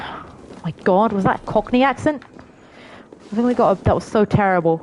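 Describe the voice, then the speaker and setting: A woman with a London accent giving chatty, excitable live commentary as she plays a game, yelping and swearing at it. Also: medium pitch, moderate pace, slight background noise. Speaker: game streamer.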